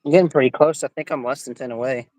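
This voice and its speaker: A man's voice: mid-range voice, steady tone, fast talker, a little mellow, no room sound. A man joining a live fishing stream as a guest, chatting casually and laughing easily.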